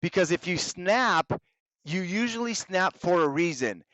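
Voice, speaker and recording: Slow-talking patient male English teacher. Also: sits high, lively intonation, a bit bright, no echo, low-quality recording. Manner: patient, explains slowly, switches between English and Spanish. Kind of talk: live online vocabulary class.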